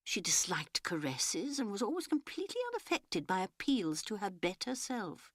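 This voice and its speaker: A woman reading a novel aloud as an audiobook narrator, measured and expressive. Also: on the low side, no echo, clean studio sound.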